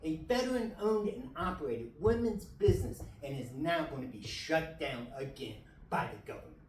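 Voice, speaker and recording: A middle-aged or older resident speaking at a city meeting's public comment, emotional and indignant, halting and restarting, close to tears. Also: mid-range voice, lively intonation, darkish tone, a little hiss or hum. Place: council meeting hall. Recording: echoey hall, distant mic, faint ambience.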